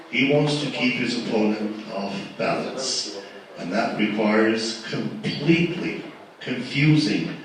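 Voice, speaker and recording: A man moderates a live panel, hammering his points with repetition and rhetorical questions. His voice sits on the low side. He is picked up from a distance in a very echoey hall with steady background noise. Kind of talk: emphatic panel remarks at a live event. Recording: echoey hall from far off, noisy.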